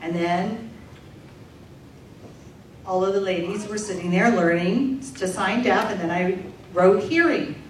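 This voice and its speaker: A woman interpreting a deaf comedian's stand-up set aloud for a live audience, in a lively, animated way. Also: mid-range voice, measured pace, pauses often, a little hiss or hum. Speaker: sign language interpreter voicing a deaf comedian. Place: large room with a live audience. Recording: echoey distant room recording.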